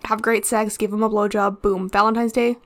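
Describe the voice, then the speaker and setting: A woman's voice: mid-range voice, flat delivery, fairly quick, fairly bright tone. A woman co-hosting a casual podcast chat, frank and chatty, laughing often and cursing. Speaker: podcast co-host.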